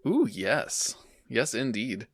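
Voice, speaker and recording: A man's voice: medium pitch, sing-song, slow, no room sound, studio quality. Jokey male podcast co-host. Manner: jokey, laughs easily. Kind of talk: casual chat and episode recap.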